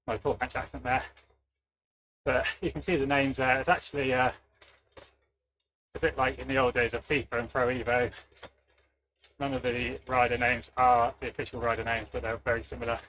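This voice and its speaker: A man's voice: medium pitch, flat delivery, moderate pace, long pauses, rough recording. A man with a British accent giving casual live-stream commentary while riding in a virtual cycling race, thinking aloud as he goes. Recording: loud background noise on stream audio.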